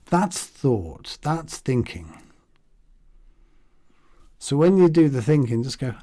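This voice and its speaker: A man's voice: medium pitch, big pitch swings, slow pace, long pauses, warm tone. A man teaching meditation in a casual, rambling way, acting out the thoughts in his head. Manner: rambling and conversational, acts out inner thoughts.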